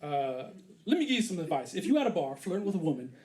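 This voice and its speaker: A man in his thirties performing a stand-up comedy set on a theater stage, acting out scenes with put-on voices and loud exclamations. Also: a little high, big pitch swings, quick pace. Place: comedy theater stage before a live audience. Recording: live crowd laughter behind.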